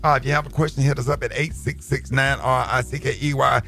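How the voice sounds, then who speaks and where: A man's voice: medium pitch, fast talker, gravelly, faint music behind. A man hosting a morning radio talk show, telling stories animatedly and acting out dialogue. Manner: animated storyteller, acts out dialogue loudly.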